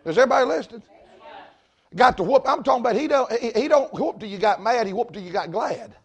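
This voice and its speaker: A high-voiced preacher from Georgia with a broad Southern US accent works through a homespun sermon. He talks in a folksy, emphatic way and keeps climbing into shouted points. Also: expressive, fast, slightly rough. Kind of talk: storytelling sermon.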